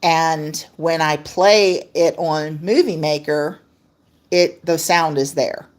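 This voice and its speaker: A woman talks slowly and casually to viewers over a laptop mic, greeting them by name. Her voice sits low for a woman, and she laughs easily between stories. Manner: chatty, reads viewer comments aloud, laughs often. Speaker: livestream host. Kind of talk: casual livestream chat with viewers.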